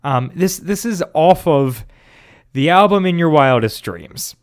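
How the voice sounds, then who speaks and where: A young man co-hosting a casual podcast chat, talking in halting stops and restarts with dry jokes. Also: a little high, animated, smooth. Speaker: podcast co-host.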